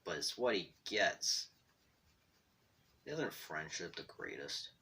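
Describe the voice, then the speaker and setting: A man's voice: deep voice, very animated, slow pace, vocal fry, bright, forceful tone, a little hiss or hum. A man telling a meandering story from his bedroom while drawing, self-deprecating and tripping over his words. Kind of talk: rambling casual storytelling. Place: bedroom at home.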